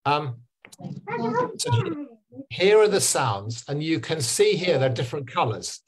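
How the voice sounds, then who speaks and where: A man's voice: fairly high pitch, sing-song, unhurried, crowd noise. A man with an English accent from England, patiently teaching pronunciation to educators on a video call, repeating words to model them. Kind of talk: online pronunciation lesson.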